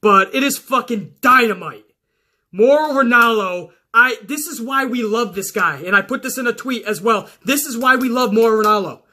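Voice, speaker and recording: A man hosting a wrestling talk video, ranting casually and swearing, often rising into yelling. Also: extremely high pitch, moderate pace. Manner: loud, swearing, flares into yelling. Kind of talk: profane casual rant to camera.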